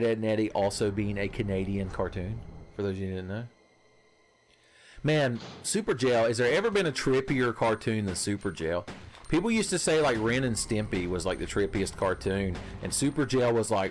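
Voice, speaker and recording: A young male streamer casually comments on the video game he's playing, joking and swearing with his chat and laughing often. His voice is lowish and animated, at a moderate pace.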